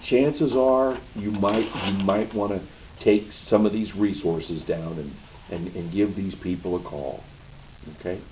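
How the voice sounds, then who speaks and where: A man's voice: deep voice, a little slow, recorded from a distance. A man giving a training presentation in a meeting room, folksy and checking in with "okay" after each point. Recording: dull lo-fi camera audio with faint hiss.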